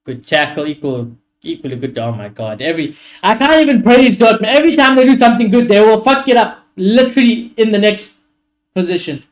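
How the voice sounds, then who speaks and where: On his live football watchalong, a man with a high-pitched voice talks a bit fast. He reacts to the game with excitable, frustrated remarks, curses a lot and talks to his chat.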